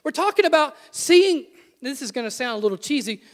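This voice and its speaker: A young adult man preaching a sermon, with animated repeated refrains and self-deprecating jokes. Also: extremely high pitch, fairly quick, in a large hall. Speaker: pastor. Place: church sanctuary.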